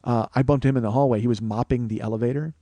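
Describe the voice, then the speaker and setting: A man spins a profane comic story on his podcast, laughing at his own jokes as he goes. His voice sits at an ordinary middle pitch. The sound is close and dry, right on a studio microphone. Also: steady tone, fast talker, mellow, no room sound. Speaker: podcast host. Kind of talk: comedic storytelling monologue. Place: small studio, co-host close by.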